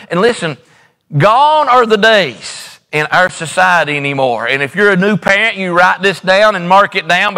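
A middle-aged pastor delivers a sermon, hammering his points home through repetition and homespun stories. His voice sits high for a man and rings bright and forceful. He is preaching from a church sanctuary. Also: in a large hall. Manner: emphatic repetition, folksy storytelling.

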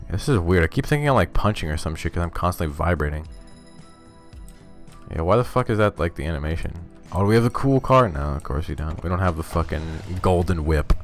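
Deep-voiced swearing game streamer man. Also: lively intonation, fairly quick, soft background music. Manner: loose, heavy swearing, wry asides. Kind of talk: casual let's-play commentary.

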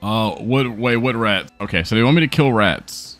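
A man's voice: on the low side, lively intonation, moderate pace, a bit bright, faint music behind. A tired young man commenting on his gameplay, joking, cursing and laughing often. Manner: profane, joking, laughs a lot. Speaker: gaming streamer.

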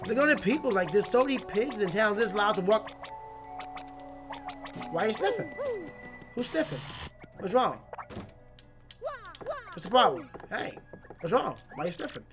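A woman doing casual, jokey commentary while playing a video game, rambling and excitable. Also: mid-range voice, normal speed, soft background music. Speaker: let's play host.

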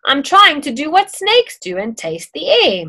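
A nervous little schoolboy from a storybook, stammering and insisting he is not scared, as a woman reads him. His voice sits higher than the narration, with a lively rise and fall and an unhurried pace. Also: heavily acted. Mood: earnest. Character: nervous young schoolboy trying to seem brave.

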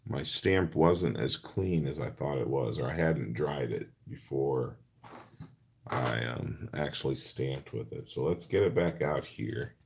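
A man with an extremely deep, gravelly voice hosts a crafting livestream. He talks slowly and earnestly, narrating each step and replying to viewers by name. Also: a little hiss or hum. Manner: chatty, answers viewer comments by name; talks through his hands-on steps. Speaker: card-making livestream host. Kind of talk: casual livestream chat while crafting.

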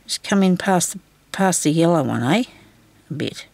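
Woman crafter, gravelly, chatty and reassuring, muttering as she works. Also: on the low side, lively intonation, normal speed, a little mellow, no room sound. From Australia. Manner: chatty, reassuring, talks to herself while working. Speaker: craft tutorial host. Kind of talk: casual craft tutorial talk.

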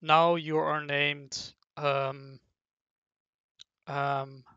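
A calm slime lord, as a commentator puts him on, handing down approval in slow, measured words. His voice is gravelly and low-key, and the recording is dull and dry. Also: dry recording. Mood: solemn.

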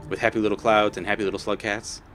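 Low-voiced man cursing at game creatures. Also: level tone, quick pace, fairly bright tone, faint music behind. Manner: swears often, talks back at game creatures. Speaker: let's play host. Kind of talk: casual gameplay commentary.

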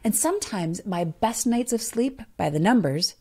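A woman's voice: mid-range voice, expressive, normal speed, warm tone, slightly rough. A woman hosting a podcast, giving a motivational monologue with emphatic rhetorical questions to the listener. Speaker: podcast host.

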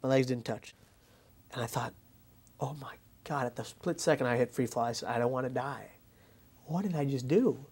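A man quietly telling his own story as an interviewee. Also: mid-range voice, normal speed, pauses often, husky. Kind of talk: personal testimony.

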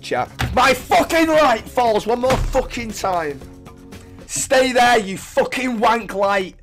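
A young man from England commentates his video game as he plays, cursing and chatting to his stream. His voice sits fairly high, and faint music runs underneath. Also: takes it slowly. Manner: swearing, shouting in excitement. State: voice going hoarse. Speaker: gaming streamer. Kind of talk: excited gameplay commentary.

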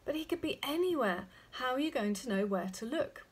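A woman's voice: high voice, expressive, brisk, slightly rough, voice pushed up. A woman voicing a worried mother hedgehog in a children's storybook reading, speaking in an anxious, pleading way.

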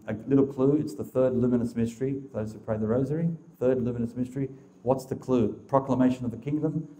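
Male Catholic speaker, mid pitch, warm, emphatic teaching style with rhetorical questions. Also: reverberant. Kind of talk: religious teaching talk.

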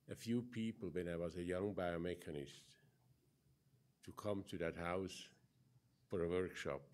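A Swiss man in his seventies with a Swiss accent, sharing memories at a memorial in a slow, measured way. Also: low-pitched, darkish tone. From Switzerland. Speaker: memorial speaker. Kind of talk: anecdotal memorial talk.

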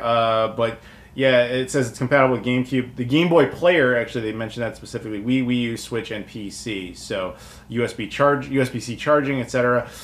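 American male host, mid-pitched, talkative collector unboxing on camera, roomy sound. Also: slight background noise. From United States. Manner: chatty and rambling, with many fillers. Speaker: video game collector YouTuber. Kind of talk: casual unboxing talk to camera.

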